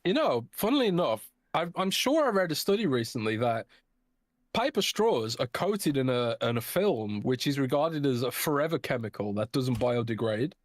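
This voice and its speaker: A man's voice: medium pitch, sing-song, normal speed, no echo. Laid-back man, dry sound. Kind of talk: casual chat.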